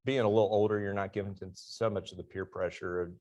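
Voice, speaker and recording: Speaking fast in a low, steady, darkish voice, this middle-aged man, an army veteran, is the guest in a church class interview. He spins his stories with animation and chuckles at his own punchlines.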